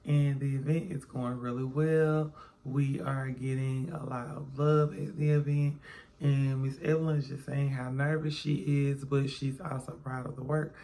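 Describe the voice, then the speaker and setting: A man recaps a reality TV episode at home, sleepy in the early hours. His voice has a gravelly, fry-laden edge at a middle pitch. He talks chattily to his viewers and calls them y'all and baby. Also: level tone, a little slow, dark tone. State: sleepy, yawning early in the morning. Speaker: reality TV reviewer. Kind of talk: casual recap vlog.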